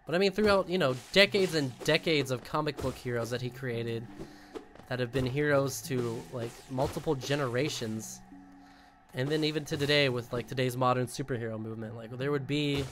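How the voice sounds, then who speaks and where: A young man streaming a video game, talking casually with excitable outbursts, rambling asides and a lot of swearing. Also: medium pitch, normal speed, faint music behind. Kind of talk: casual gaming commentary.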